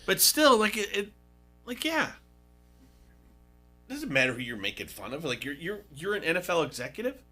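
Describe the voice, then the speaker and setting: A middle-aged man hosting sports talk radio, swinging his pitch widely as he rambles and gets worked up. His voice is bright and forward. Faint music plays underneath. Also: normal speed, pauses often. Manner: animated, rambling, indignant. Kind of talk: casual sports radio banter.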